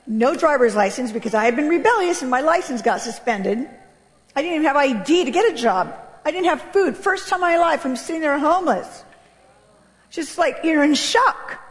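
Impassioned woman in a reverberant hall. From United States. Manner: impassioned, emphatic storytelling with sudden pitch jumps. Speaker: speaker giving a personal testimony. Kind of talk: emotional testimony to an audience. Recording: long reverb of a large hall.

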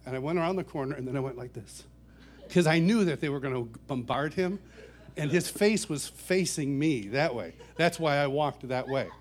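A middle-aged worship songwriter shares personal anecdotes with a church audience. His mid-range voice is warm, and he chuckles often and pokes fun at himself.

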